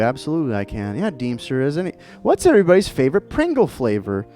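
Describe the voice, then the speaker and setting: Animated playful man streaming. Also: mid-range voice, quick pace, soft background music. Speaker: streamer host. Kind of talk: casual livestream chat.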